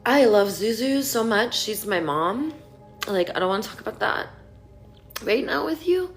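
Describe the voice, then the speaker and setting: A mother pouring out an emotional monologue to her absent son, halting and often dropping to a whisper. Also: on the high side, expressive, faint music behind.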